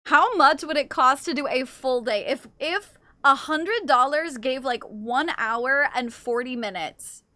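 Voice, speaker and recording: Picture a young woman livestreaming who answers her chat on the spot, teasing and cursing as she goes. Her voice sits high and bright. The sound is close and dry, with no room around it. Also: no echo. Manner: playful, teasing and swearing, quick reactions to chat. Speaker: streamer.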